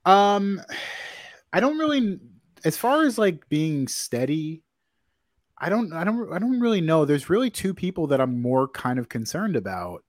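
A man's voice: on the high side, very animated, a little slow, no room sound. A man co-hosting a sports podcast, talking casually with lots of fillers and restarts. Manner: rambling, filler-heavy, self-correcting. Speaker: podcast co-host.

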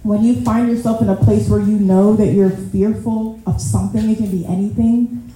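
A woman's voice: mid-range voice, steady tone, normal speed, dark tone. A woman giving a casual, conversational sermon, chatty, calling the audience y'all and often laughing at herself. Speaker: preacher. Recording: very echoey room.

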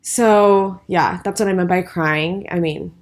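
A woman's voice: lowish voice, fairly even intonation, measured pace. A tired, stressed woman co-hosting a casual podcast, talking in a rambling, hesitant way with lots of fillers. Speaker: podcast co-host. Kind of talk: casual chat.

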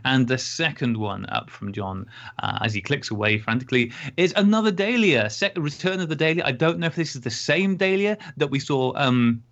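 A man's voice: mid-range voice, lively intonation, normal speed, a bit bright. A man co-hosting a casual podcast, chatting and joking as he reviews listener photos. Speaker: podcast co-host. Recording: dull lo-fi call audio.

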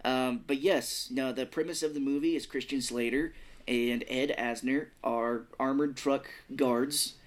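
A man's voice: medium pitch, fairly even intonation, unhurried. A man with a Midwestern American accent, co-hosting a podcast and reviewing a movie in casual, rambling, self-deprecating chat. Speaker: podcast co-host.

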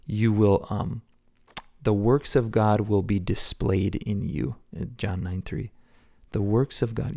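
Man, podcast preacher, earnest, gravelly, lowish voice, loud exhortation and hushed whispers. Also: steady tone, takes it slowly. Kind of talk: sermon-style devotional podcast.

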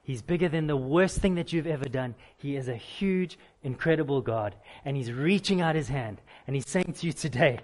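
A man preaching a sermon, urging loudly one moment and dropping to a hush the next, with lots of repetition. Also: mid-range voice, expressive, normal speed. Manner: impassioned, repetitive, swings between loud urging and hushed softness. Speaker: pastor.

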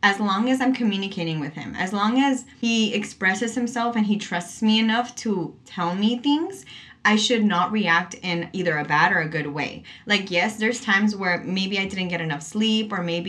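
Young mom talking in a casual chat, animated storyteller, laughs a lot, mid-range voice. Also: female voice, medium pitch, moderate pace. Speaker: mother on a parenting talk show.

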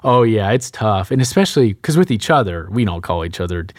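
Animated young man telling a story. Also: fairly low pitch, brisk, dry recording, studio quality. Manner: animated, laughing, acts out quoted voices. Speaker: priest telling a seminary story. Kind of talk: casual storytelling chat.

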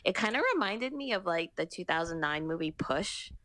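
A woman co-hosting a relaxed movie review chat, sharing her opinions in an easygoing way with lots of fillers. Her voice sits very low for a woman and is recorded dry and close. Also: normal speed, no echo. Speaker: podcast co-host.

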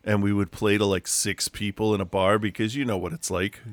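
A man's voice: lowish voice, little pitch movement, brisk, no room sound. A middle-aged man, a podcast co-host, chatting casually from his room and telling stories full of restarts. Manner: rambling storyteller, frequent restarts and laughs. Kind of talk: casual chat. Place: home room.

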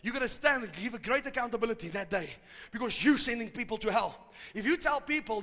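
A man preaching a fervent sermon to a live congregation, rising to shouts at its peaks. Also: very high voice, a little fast. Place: large church hall. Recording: hall reverb from a live service.

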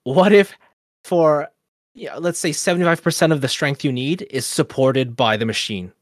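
A man's voice: fairly high pitch, normal speed, dry recording, studio quality. A man, co-hosting a podcast and telling a long casual story full of fillers and quoted asides. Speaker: podcast co-host.

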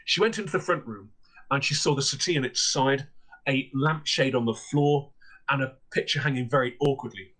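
A middle-aged man, telling ghost stories as a podcast guest in a measured, theatrical way. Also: medium pitch, fairly bright tone. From Lancashire, England. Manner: measured, theatrical storyteller with repeated words and fillers. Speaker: guest storyteller and paranormal historian. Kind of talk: podcast storytelling.

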